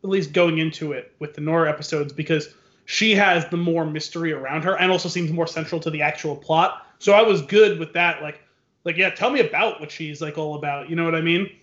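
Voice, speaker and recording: Guy hosting a podcast, kinda high voice, laughs a lot, echoey muffled room. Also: brisk. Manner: animated, laughs often, retells scenes. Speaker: podcast host. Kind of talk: casual chat.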